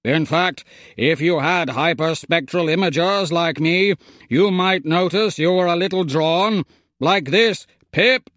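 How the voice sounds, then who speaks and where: A man's voice: a little high, measured pace, a bit bright, dry recording, studio quality. A man voicing a jovial, polite male robot butler who talks in chummy, old-fashioned slang. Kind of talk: audiobook character voice.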